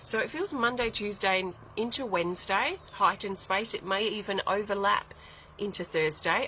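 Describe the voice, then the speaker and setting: A woman's voice: medium pitch, moderate pace, pushed and bright, a little hiss or hum, low-quality recording. A woman giving a weekly spiritual oracle card reading, talking in a flowing way that repeats and lists words as she thinks aloud. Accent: non-American English accent.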